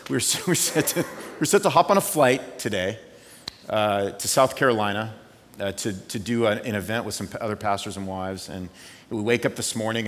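A man preaching a sermon as pastor, conversational, moving between hushed reflection and excited storytelling. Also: on the low side. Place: church sanctuary. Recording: reverberant hall.

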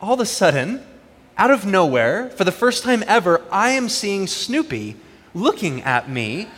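Male pastor, fairly high voice, earnest and conversational, long church reverb. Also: fairly bright tone. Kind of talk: sermon.

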